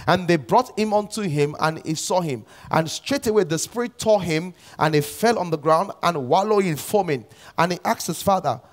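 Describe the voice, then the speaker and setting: A man delivers a sermon in a high voice. He reads scripture aloud and hammers his point home, slowing and repeating key phrases for emphasis. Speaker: preacher.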